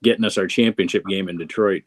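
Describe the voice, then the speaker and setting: A man's voice: low voice, fairly even intonation, fast talker. A middle-aged man hosting a casual chat among comedians, rambling and easygoing. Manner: rambling, easygoing, many restarts. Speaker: host.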